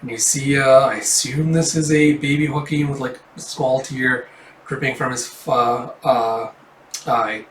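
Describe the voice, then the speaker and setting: A man casually reading through a comic aloud, filling pauses with "uh" and "like". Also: medium pitch, fairly even intonation, slight background noise. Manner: casual, filler-heavy reading. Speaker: comic reader. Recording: roomy, slightly distant mic.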